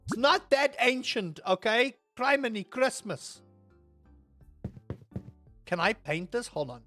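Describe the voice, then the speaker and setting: A young man streaming a game and chatting to his viewers in a rambling, animated way, ranting half in jest. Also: very high-pitched, takes it slowly, soft background music. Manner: rambling and animated, with self-mocking rants to chat. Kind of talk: casual live-stream chat while playing.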